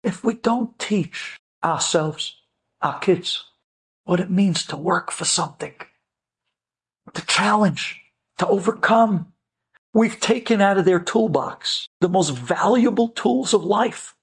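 Speaking slowly in a high voice, a man tells an inspirational story. His storytelling talk is animated, and he acts out every voice in it.

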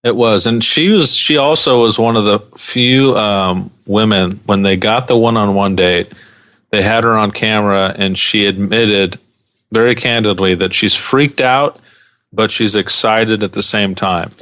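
Man, podcast co-host, casual analytical chat, low voice, dry muffled audio. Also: fairly even intonation, unhurried, a bit bright, dry recording.

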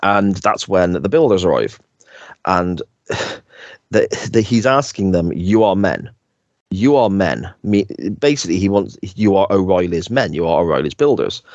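A man's voice: low-pitched, animated, normal speed, dry recording, lo-fi sound. A man hosting a podcast, rambling through sitcom scenes with hesitant restarts. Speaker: podcast host. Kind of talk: casual chat.

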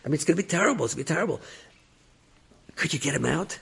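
A man voicing a wily old rabbi who coaxes and insists, with a raspy voice. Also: fairly high pitch, animated, racing, fairly bright tone, voice pushed up, full character voice. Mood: pleading. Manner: coaxing, repeats himself insistently.

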